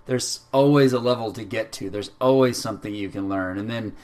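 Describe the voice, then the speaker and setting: A man chatting casually, relaxed, thinking aloud with fillers. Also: on the low side, brisk. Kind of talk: casual podcast chat.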